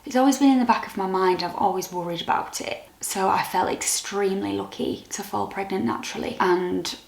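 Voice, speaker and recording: A young British woman vlogger telling a personal story to camera in a soft, candid, halting way that turns emotional. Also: mid-range voice, steady tone, gravelly. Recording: echoey room.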